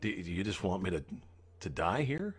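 A man's voice: deep voice, big pitch swings, normal speed, slightly rough. A man preaching a sermon as pastor, earnestly acting out the psalmist's pleas.

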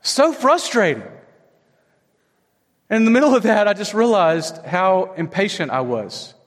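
A man, probably in his thirties, preaching a sermon as pastor, telling personal stories in a conversational way with big swings between loud, high moments and low, quiet ones. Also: very animated, moderate pace, big-room sound. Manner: conversational storytelling with wide swings in pitch.

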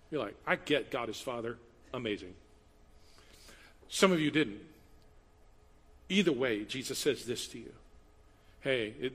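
A man preaching a sermon as pastor, animated, moving from loud emphatic passages to quiet asides. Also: medium pitch, husky. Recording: long hall reverb.

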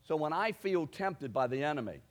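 A man preaching a sermon, asking his congregation direct questions and building to forceful declarations. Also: fairly high pitch, very animated, normal speed. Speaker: pastor.

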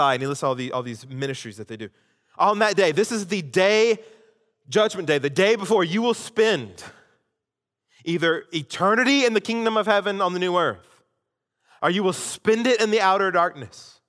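A man's voice: sits high, lively intonation, normal speed, long pauses. Man preaching in a reverberant hall. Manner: dramatic swings between loud emphasis and hushed asides. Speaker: pastor. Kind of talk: sermon.

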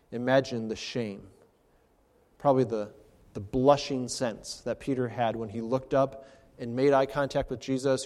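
A man's voice: mid-range voice, a little mellow, long reverb tail. A man, a pastor, preaching an expository sermon with rhetorical questions.

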